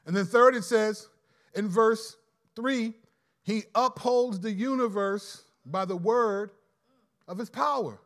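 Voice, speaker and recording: A man preaching a sermon, emphatic, with sudden loud stresses and slowed key phrases. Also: high voice.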